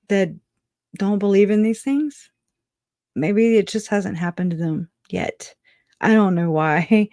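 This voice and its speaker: Slow, halting speaker on a livestream. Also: medium pitch, no echo, clean studio sound. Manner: halting and reflective, with frequent restarts and soft laughs. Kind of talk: casual livestream talk.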